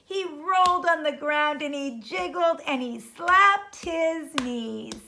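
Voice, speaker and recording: A woman reading a children's storybook aloud in a gentle, expressive way, chuckling along. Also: high voice, slow pace.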